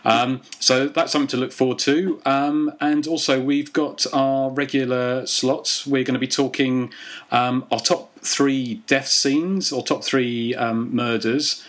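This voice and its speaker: Male podcast host, mid voice, halting casual delivery. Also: medium pitch, fairly even intonation, a bit bright. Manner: hesitant, many ums and restarts.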